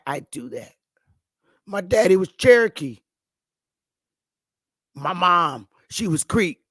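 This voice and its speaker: A woman with a Northern US accent giving blunt, animated, casual commentary as host, swearing freely. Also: lowish voice, no room sound. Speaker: channel host.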